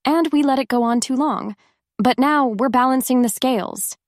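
A woman reading the lines of a calm, firm wife who speaks softly and with composure. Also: high voice, moderate pace, no echo, clean studio sound, voice pushed up. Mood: gentle firm. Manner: soft, composed and reassuring. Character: calm, firm older woman reforming her husband.

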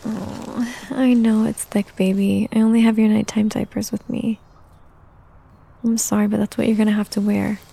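Husky, creaky woman in whispered role-play. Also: medium pitch, little pitch movement, moderate pace. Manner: soothing, coaxing caretaker talk, mostly soft and close.

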